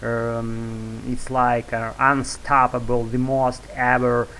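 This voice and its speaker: Casting: Russian-accented man, monotone wordy vlog ramble, light hiss. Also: medium pitch, slow, rough recording. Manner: wordy, loose, filler-heavy, restarts often. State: sore throat. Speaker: YouTube English-learning vlogger. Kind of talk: rambling monologue to camera.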